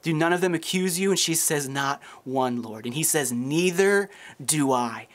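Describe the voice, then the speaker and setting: A man's voice: a little high, moderate pace, fairly bright tone. A man in his thirties, a pastor preaching a sermon, telling stories and acting out the voices of people in them. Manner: storytelling, acts out quoted voices.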